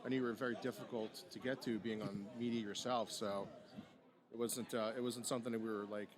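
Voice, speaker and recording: Soft-spoken, hesitant male podcast host. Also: fairly low pitch, fairly even intonation, fairly quick, crowd noise. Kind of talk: casual interview. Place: expo event.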